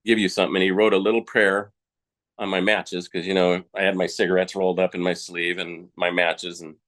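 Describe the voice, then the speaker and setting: A man with a very low, deep voice speaks as a podcast guest, recounting his story in plain, colloquial words. His delivery is frank and unpolished, the way someone talks across a table. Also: flat delivery, fairly quick, a bit bright. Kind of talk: personal storytelling in conversation.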